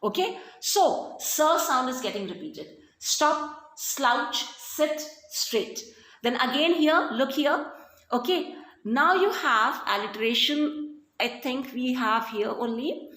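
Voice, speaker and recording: Woman teacher, Indian English accent, high and animated, echoey room, patient step-by-step explainer. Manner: explains slowly with many "okay" and "fine". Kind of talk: recorded online class lesson. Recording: roomy echo.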